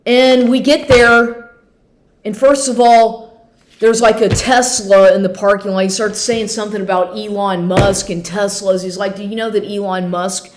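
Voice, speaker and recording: A woman's voice: medium pitch, steady tone, measured pace, slight background noise. A woman telling a story in a casual monologue, rambling, swearing often and sounding exasperated. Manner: profane, rambling, exasperated retelling. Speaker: vlogger. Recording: roomy echo.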